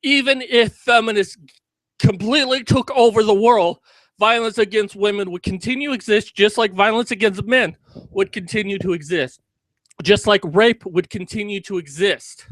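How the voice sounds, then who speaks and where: A man with a high, sharp voice rants through an angry commentary, swinging between sarcastic explanation and shouted, profane outbursts. The sound is close and dry, with no room around it. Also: moderate pace, dry recording. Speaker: video commentator.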